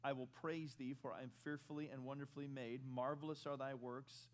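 A man's voice: mid-range voice, little pitch movement, brisk. A middle-aged man preaching a sermon as pastor, talking casually about his family and then building to emphatic points while leading the congregation in reading scripture aloud. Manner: conversational preaching, rising to emphatic stress, leads congregation in reading.

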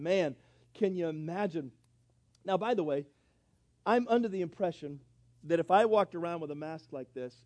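A man with a high voice preaches a sermon with great fervor. He swings from near-whispered scripture reading to ringing, excited exclamations. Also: no room sound. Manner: reads scripture in a low, slow voice.

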